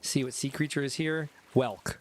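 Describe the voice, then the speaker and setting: A man with a Chicago accent, tipsy and loose, chatting away to his stream viewers. He talks fast and rambles, poking fun at himself between thoughts. A faint hum sits under the voice. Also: medium pitch, fairly even intonation. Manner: rambling, self-mocking, talks to chat. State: tipsy from whiskey. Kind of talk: casual game livestream chat.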